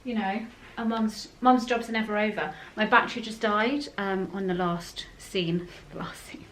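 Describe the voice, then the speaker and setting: A young woman talking casually to a handheld camera as she goes about her day. Her voice sits at a middle pitch. She is chatty and self-deprecating, with frequent little laughs. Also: steady tone, normal speed, a little hiss or hum. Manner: chatty and self-deprecating, often laughing, with soft baby talk to her son. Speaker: vlogger. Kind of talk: casual vlog chat. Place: home and outdoors in town.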